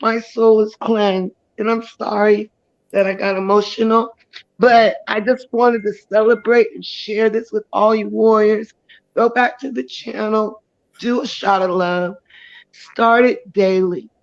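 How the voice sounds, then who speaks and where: A woman giving an emotional personal testimony as a guest on a live chat, talking haltingly with many pauses and restarts. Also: mid-range voice, fairly even intonation, lo-fi sound.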